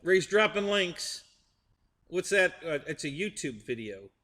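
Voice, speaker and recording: A man's voice: fairly high pitch, very animated, unhurried, sharp tone, long reverb tail. A middle-aged man hosting a live stream, rambling through a joke with restarts and chuckles while chatting with viewers. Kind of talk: casual chat with live chat viewers.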